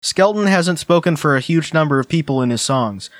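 A man with a slightly high voice hosts a casual podcast. He reads posts out loud and drops wry, deadpan asides. The sound is dry and close to the mic. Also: brisk, no echo. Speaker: podcast host. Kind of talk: casual chat, reading posts aloud.

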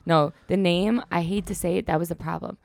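A woman's voice: fairly low pitch, fairly even intonation, a little fast, creaky, darkish tone, no room sound. A young woman co-hosting a casual podcast, telling rambling stories full of "like" fillers into a studio mic. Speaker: podcast co-host.

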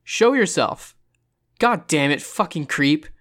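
A narrator voicing a young man camper who shouts with an edge at an unseen intruder in a horror story. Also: mid-range voice, fast talker, pitched above the performer's own voice, natural voice. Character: young man camper, confused then aggressive.

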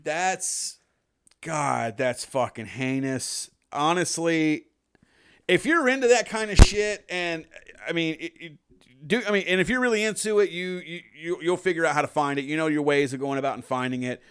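A man's voice: a little high, lively intonation, normal speed, clean tone. A man co-hosting a podcast, talking casually with lots of swearing and false starts. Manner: profane, rambling, frequent restarts. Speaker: podcast co-host. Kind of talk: casual chat.

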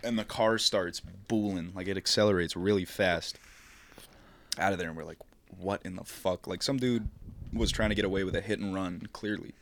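A young man with a very low, deep voice tells a rambling story on a casual podcast. He swears freely, strings thoughts together with "like", and trails off mid-sentence before picking the thread back up. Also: normal speed, a bit bright, slight background noise. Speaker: podcast co-host telling a story.

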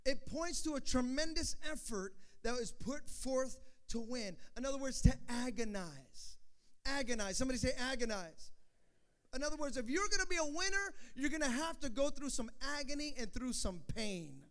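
A pastor preaching a sermon to his congregation, calling for responses and rising to shouts. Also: extremely high pitch, very animated, normal speed.

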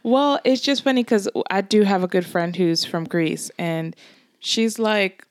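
A woman's voice: mid-range voice, a little slow, no room sound, studio quality. A woman co-hosting a podcast, telling a story in a chatty way and laughing often. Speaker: podcast co-host. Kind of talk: casual chat.

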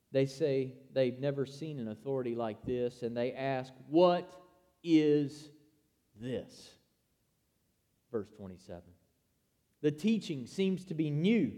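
A man delivers a sermon in a high but mellow voice. He preaches emphatically and poses rhetorical questions to his listeners. The sound carries a long reverb, as in a large hall. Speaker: pastor.

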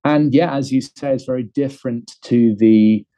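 A man's voice: medium pitch, normal speed, dark tone, no echo, muffled recording. A man in his thirties with an English accent, telling a long personal story in an interview, with many fillers and restarts. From England. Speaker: guest. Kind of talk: conversational storytelling.

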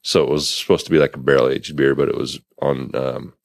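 A man co-hosting a casual chat, telling stories in a relaxed way and laughing often. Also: a bass voice, fairly quick, gravelly, no echo, studio quality. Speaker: podcast co-host.

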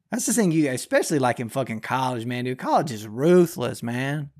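A man's voice: mid-range voice, big pitch swings, a little fast, few pauses, a little mellow. A young man hosting a podcast, ranting through the news with heavy swearing and slangy, drawling speech. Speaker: podcast host. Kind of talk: profane news commentary.

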